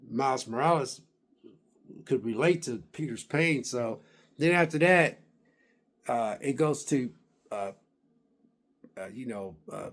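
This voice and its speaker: A man casually recapping a video game he finished, rambling with lots of fillers and restarts. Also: medium pitch. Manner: excited and emphatic about finishing. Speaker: gaming vlogger.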